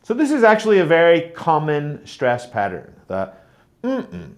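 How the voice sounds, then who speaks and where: With a fairly high pitch that swoops wildly, this man speaks at a moderate pace while teaching pronunciation as a teacher trainer. He explains clearly and models stressed and unstressed syllables, exaggerating example words and using sounds like mm-mm.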